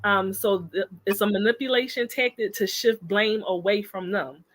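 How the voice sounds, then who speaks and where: A woman on a podcast, telling stories in a lively, emphatic way in casual chat. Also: mid-range voice, moderate pace, rough recording. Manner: animated, emphatic storytelling. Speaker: podcast guest discussing relationships.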